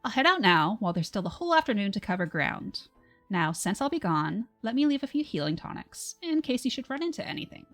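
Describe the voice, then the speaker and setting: A woman voicing a cheerful young witch with a bright, upbeat way of talking. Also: medium pitch, big pitch swings, fast talker, faint music behind. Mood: cheery.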